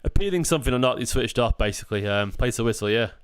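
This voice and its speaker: A man's voice: mid-range voice, animated, fast talker, clear, resonant tone. Tired man chatting through a football watchalong. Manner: chatty, reacting to the match and reading chat messages. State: tired, yawning. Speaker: fan channel host. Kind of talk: live football watchalong chat.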